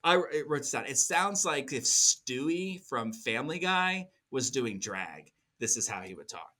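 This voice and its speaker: A man's voice: mid-range voice, very animated, a little slow, bright, forceful tone. A man co-hosting a podcast in casual chat, rambling with frequent restarts and laughs. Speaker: podcast co-host.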